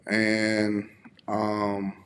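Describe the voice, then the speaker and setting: A man's voice: on the low side, completely flat delivery, extremely slow, a bit bright, in a large hall. Laid-back groggy male live-stream host. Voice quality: slightly raspy. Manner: laid-back, groggy, reading chat messages aloud. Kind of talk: casual live stream chat.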